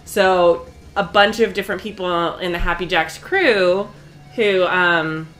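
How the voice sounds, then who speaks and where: A chatty woman streams herself sewing, talking along freely and laughing often. Her voice sits a little low for a woman. Soft music plays faintly behind her. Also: measured pace. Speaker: live streamer. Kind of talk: casual chat while sewing on a live stream.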